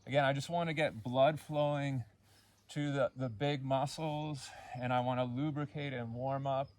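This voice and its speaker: A man leading a yoga class, cueing poses and breaths in a calm, unhurried way and counting the holds. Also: medium pitch. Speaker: yoga instructor. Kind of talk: guided yoga class instruction.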